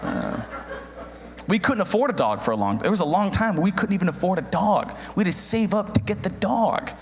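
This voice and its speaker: A young man performing a stand-up comedy routine in an animated way, acting out the voices of other people. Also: sits high, brisk, gravelly. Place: comedy stage before an audience. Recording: live stage with long hall reverb.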